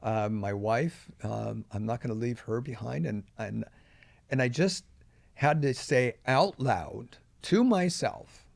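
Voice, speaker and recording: A man's voice: mid-range voice, vocal fry, no room sound. An older man, a podcast guest, telling a personal story earnestly and with emphasis at key moments.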